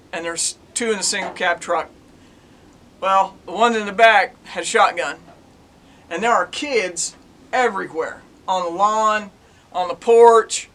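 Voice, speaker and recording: A middle-aged man, a former police officer telling his stories to his own camera in a plainspoken, folksy way. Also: high-pitched. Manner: folksy, plainspoken, animated retelling. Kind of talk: casual storytelling to camera.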